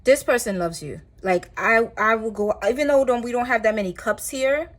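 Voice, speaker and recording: A woman doing a casual tarot reading, talking in a chatty, rambling way with animated asides. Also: a little high, moderate pace. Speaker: tarot reader.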